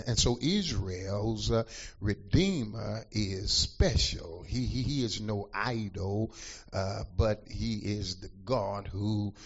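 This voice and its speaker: A man preaching a sermon, slow and deliberate, dropping "amen" and "uh" between phrases. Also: lowish voice, breathy edge. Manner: slow and deliberate, frequent "amen" and "uh" fillers, rising toward the end. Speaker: pastor. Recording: dull lo-fi recording.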